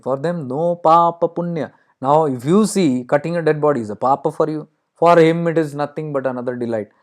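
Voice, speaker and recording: A man giving an earnest spiritual talk and telling a story. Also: a little high. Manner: earnest, explanatory. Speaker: spiritual teacher.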